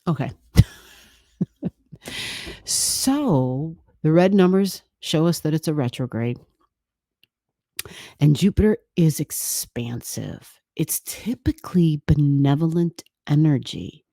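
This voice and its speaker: A woman hosts an astrology video in a playful, chatty manner, speaking low and slowly. Her tone is mellow and warm. The close, dry sound has no room echo. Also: very animated. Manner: playful, laughing, chatty with quoted asides. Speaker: astrology channel host. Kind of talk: casual explanatory talk to camera.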